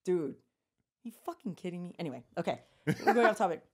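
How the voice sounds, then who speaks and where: A woman's voice: on the low side, fairly quick, slightly rough. Blunt, profane woman podcast host. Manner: blunt, profane, animated storyteller. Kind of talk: casual storytelling chat.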